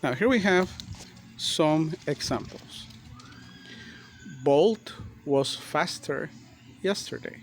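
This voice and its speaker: A man teaching a grammar lesson, repeating and spelling out words slowly and deliberately. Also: a little high, lively intonation. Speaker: English teacher.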